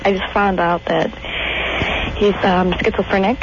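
A woman's voice: mid-range voice, fairly even intonation, a little slow. A shy young woman from Lithuania, speaking hesitantly with a Lithuanian accent as she calls a radio show. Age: young adult. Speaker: caller. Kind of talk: phone call to a radio show. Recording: dull lo-fi call with faint noise.

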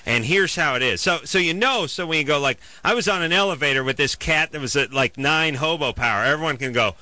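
A man hosting a comedy radio call-in show, a wisecracking and animated storyteller. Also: a little high, fast, few pauses, no room sound.

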